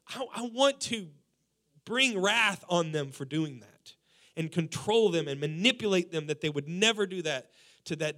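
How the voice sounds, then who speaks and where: A man in his forties, a pastor, preaching a sermon in an animated way, acting out quotes and laughing along with his own points. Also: sits high. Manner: animated preaching, quoting people in acted voices, laughing.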